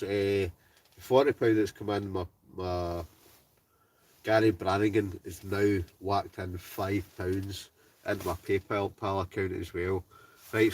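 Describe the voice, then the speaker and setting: A man's voice: on the low side, far from the mic. Scottish man chatting from a tent. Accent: Scottish, Ayrshire. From Scotland. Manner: chatty, laughs often, reads out viewer names. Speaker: wild camping livestreamer reading chat. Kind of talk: casual livestream chat. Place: inside a heated tent in the snow.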